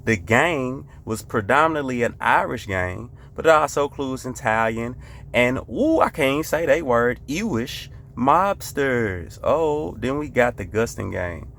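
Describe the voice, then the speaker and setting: A man's voice: medium pitch, animated, measured pace, vocal fry, a bit bright, a little hiss or hum. A man hosting a casual reaction video, talking emphatically and repeating rhetorical questions and catchphrases.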